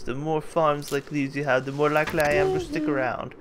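A man's voice: on the high side, fairly quick, few pauses, a bit bright, slight background noise. A man hosting a let's play, giving casual, jokey gameplay commentary and thinking aloud as he plays.

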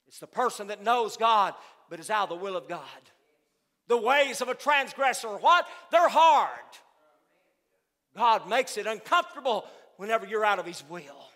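A man preaching a fervent sermon as pastor of a church, with sudden loud outbursts. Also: sits high. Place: church sanctuary. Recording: long hall reverb.

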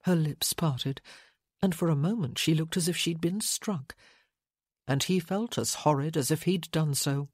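A woman narrating a romance audiobook in a measured, intimate reading. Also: sits low, a little mellow, husky, no room sound, clean studio sound. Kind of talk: scripted narration.

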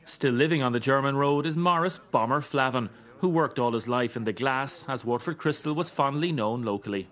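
A man narrating a news report in a measured, steady way. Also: medium pitch.

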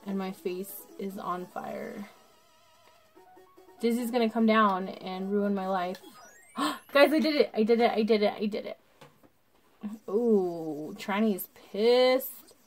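A drunk woman commentating her gameplay casually, swearing and breaking into excitable outbursts while talking to her viewers. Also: mid-range voice, slow pace, pauses often, soft background music. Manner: talks to the viewers. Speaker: gaming channel host.

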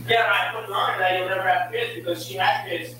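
A young man argues over a video call, fast and taunting, tossing out curses and slang. His voice sits high and bright. The call audio is very echoey and distant, with faint noise behind. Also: steady tone. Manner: taunting, profane, says bro a lot. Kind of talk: heated argument on a video call.

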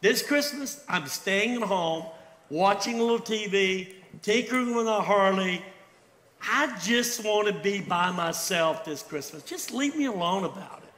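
A man acting a stubborn, bitter loner biker in a church stage drama, gruff and defensive with his friends. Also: high voice, expressive, a little slow, a bit bright. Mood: grumbling. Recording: reverberant hall sound.

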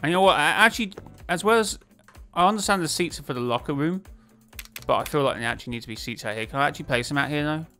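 A man giving casual, excitable commentary while he plays a management game, talking to himself and laughing often. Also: a little high, rapid-fire, soft background music. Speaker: gaming YouTuber.

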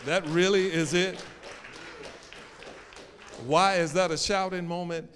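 A male pastor preaching a sermon, swinging between loud calls and hushed, drawn-out lines. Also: sits high, steady tone, a little hiss or hum. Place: church sanctuary. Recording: reverberant church sanctuary.

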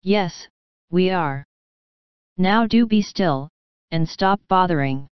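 A gentle older sister who soothes and reasons calmly with a younger sibling, read by a woman. The voice is low-set, very smooth and clear. It is dry and close on slightly lo-fi audio. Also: slow, no room sound. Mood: soothing.

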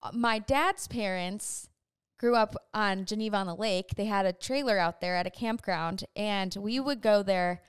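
Young woman, casual chat host, laughs a lot, crisp resonant voice, dry sound. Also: mid-range voice, normal speed, no room sound. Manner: chatty, laughs often.

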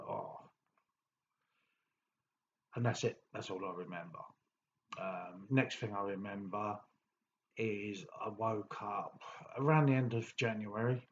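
Blunt man, low voice. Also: fairly bright tone, highs cut off, a little hiss or hum. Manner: blunt, plain-spoken, halting with many fillers. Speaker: diary vlogger. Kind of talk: personal diary monologue.

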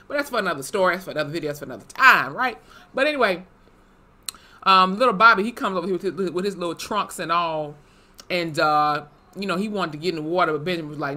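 A young woman casually recapping a TV episode, animated and profane, with lively asides. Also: low-pitched, brisk. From Wisconsin, USA. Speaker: YouTube TV reviewer.

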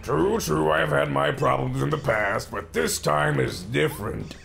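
A man's voice: medium pitch, measured pace, fairly bright tone. A man voicing a brash villainous male turtle king who taunts crudely and gloats. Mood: gloating. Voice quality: gravelly, gloating. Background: game music.

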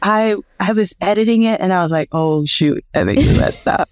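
A woman co-hosting a podcast, telling a story in a casual, animated chat with laughter and self-deprecating asides. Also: mid-range voice, normal speed, clean tone, no echo. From United States. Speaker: podcast co-host.

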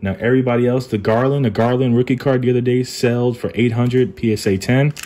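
A young man talking casually while unboxing trading cards at home, keeping his voice low and calling himself monotone. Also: brisk. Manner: kept low and subdued, calls himself monotone. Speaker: card collecting YouTuber. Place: apartment at home.

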